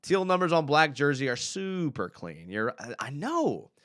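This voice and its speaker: Guy hosting a live fan stream, reading chat out loud, lively ups and downs, smooth clear voice. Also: on the high side, measured pace, few pauses. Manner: animated, laughing, reads chat aloud.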